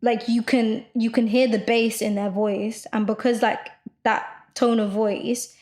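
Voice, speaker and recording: Loud, fast-talking young woman. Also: fairly high pitch, level tone. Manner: loud, fast rambling with many fillers. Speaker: podcast co-host. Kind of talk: casual chat.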